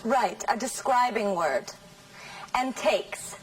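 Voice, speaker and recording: A woman teaching English in a scripted classroom lesson, saying model sentences slowly and carefully. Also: on the high side, lively intonation, distant mic, poor audio. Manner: slow, careful, over-articulated model sentences.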